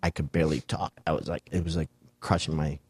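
A man's voice: extremely low pitch, little pitch movement, fast talker, a little mellow, slightly rough, dry recording. A middle-aged man telling a wild story in casual chat, swearing and acting out the voices of the people in it. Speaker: guest.

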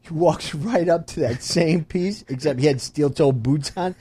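Animated man telling a story, dry close sound. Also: a little high, normal speed, husky, dry recording. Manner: animated storyteller who acts out quoted voices. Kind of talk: casual chat.

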